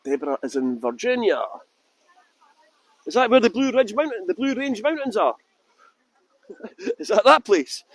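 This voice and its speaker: A Scottish man with a high voice leads a live walking tour outdoors beside a fountain. He chats casually with his audience and likes to make flippant jokes. His voice sounds dry and close to the mic. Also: sing-song, a little slow, pauses often, breathy edge, dry recording. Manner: chatty, flippant joking. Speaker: tour guide. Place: outdoors by a fountain in a windy city square.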